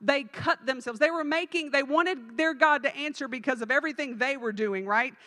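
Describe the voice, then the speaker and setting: A woman's voice: sits high, a little fast, sharp tone, big-room sound. A woman evangelist preaching a sermon in a church, speaking emphatically and directly to the congregation. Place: church sanctuary.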